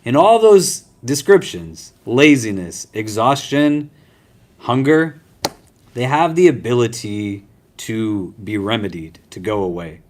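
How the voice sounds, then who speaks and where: A man's voice: mid-range voice, very animated, slow pace, darkish tone. A man teaching a class on prayer in a casual, conversational way, often checking in with his students.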